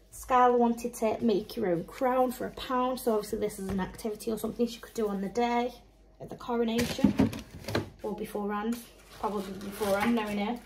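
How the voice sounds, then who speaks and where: A woman's voice: a little high, darkish tone, slight background noise, poor audio. A young woman and mum chatting casually through a shopping haul, rambling along and listing prices with small laughs. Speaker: mum and vlogger.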